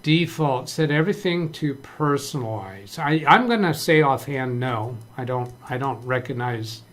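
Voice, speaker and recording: A man's voice: medium pitch, animated, a little slow, a bit bright. Man thinking aloud on a tech livestream. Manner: thinks aloud, reads chat messages, frequent restarts. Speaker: live stream tech trainer. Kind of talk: casual live-stream tutorial. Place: home office with several monitors.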